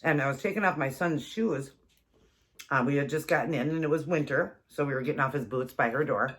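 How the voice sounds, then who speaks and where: A woman's voice: sits low, fairly quick. Chatty rambling woman in her forties. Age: 40s. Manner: chatty, rambling, laughs often. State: runny nose. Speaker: keto vlogger. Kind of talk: casual storytelling while eating.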